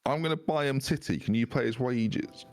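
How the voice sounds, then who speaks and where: A man's voice: mid-range voice, moderate pace, faint music behind. A man streaming a football management game with friends, teasing them in dry, mock-insistent banter. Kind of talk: casual gaming stream banter.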